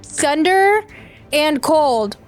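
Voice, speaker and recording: A woman player in a tabletop game, animated and quick to react. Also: high voice, faint music behind. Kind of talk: casual tabletop game play.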